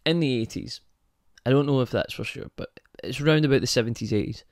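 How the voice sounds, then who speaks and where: A man's voice: mid-range voice, fairly quick, dry recording. Rambling male podcast host, dry sound. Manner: rambling, goes off on tangents, asks rhetorical questions. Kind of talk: casual monologue.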